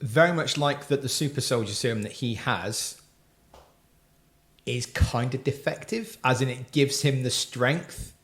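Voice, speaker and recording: A man's voice: medium pitch, unhurried, fairly bright tone. A man co-hosting a casual podcast chat, talking at length about plot details. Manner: chatty, recaps plots at length. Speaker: podcast co-host. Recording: roomy echo.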